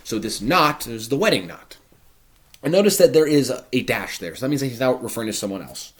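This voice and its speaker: Man teaching a play, lively voice. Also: medium pitch, fast. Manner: conversational paraphrasing with fillers. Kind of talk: explanatory literature lesson.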